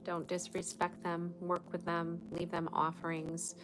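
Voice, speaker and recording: A woman with a fairly low voice hosts a loose late-night live chat. She talks frankly, swears now and then, and gives spiritual advice. Music plays clearly in the background. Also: monotone, measured pace, rough recording. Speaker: livestream host. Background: music playing.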